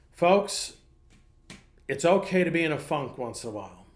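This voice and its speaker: A man's voice: on the high side, big pitch swings, a little slow. A middle-aged male pastor preaching a conversational sermon, telling personal stories in a folksy way with frequent restarts.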